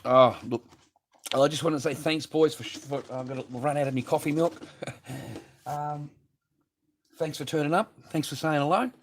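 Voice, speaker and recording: A man's voice: fairly high pitch, steady tone, moderate pace, pauses often, a little hiss or hum. Middle-aged guy on a live stream, swearing a lot, ranting about home stuff, laughs here and there. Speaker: livestreaming mask artist. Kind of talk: casual livestream chat.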